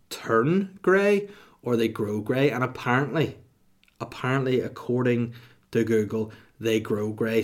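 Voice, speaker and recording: A man, rambling through a casual solo podcast monologue with crude, self-mocking humor. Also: medium pitch. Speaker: podcast host.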